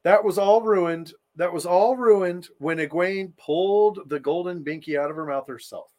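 A man's voice: high voice, moderate pace, darkish tone. A man co-hosting a podcast in casual chat, blunt and opinionated. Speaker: podcast co-host.

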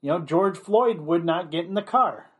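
A man's voice: a little high, moderate pace. A man giving an opinionated commentary monologue, blunt and rambling, leaning on constant "you know" fillers.

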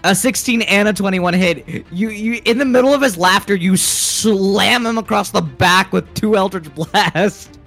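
A man's voice: sits high, measured pace, vocal fry, hardly any pauses, a bit bright, faint music behind. A man narrating a tabletop game as game master, often breaking into laughter.

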